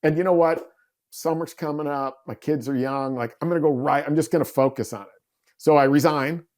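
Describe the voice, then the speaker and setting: A man in his forties, a podcast guest, telling stories in an animated way and acting out quoted dialogue. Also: fairly high pitch, a little fast. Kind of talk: storytelling interview talk.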